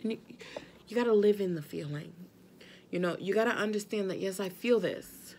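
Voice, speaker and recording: A mother vlogging straight to her viewers, earnest and gentle, reassuring them that they are not alone. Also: mid-range voice, normal speed, slight background noise. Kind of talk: heartfelt direct-to-camera talk.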